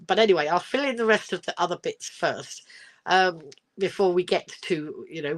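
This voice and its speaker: An older English woman hosts a casual phone live stream, rambling through her week with plenty of giggles and ums. Her voice sits a little low for a woman, and she reads viewer comments out as she goes. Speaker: livestream host. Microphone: phone camera.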